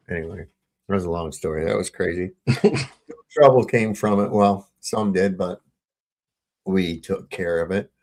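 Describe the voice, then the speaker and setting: A man on a video-call livestream, telling stories with lots of swearing and laughter, getting loud when he retells arguments. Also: sits low, moderate pace. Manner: profane, storytelling, laughs often, gets heated retelling run-ins. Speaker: panel co-host. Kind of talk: casual livestream chat.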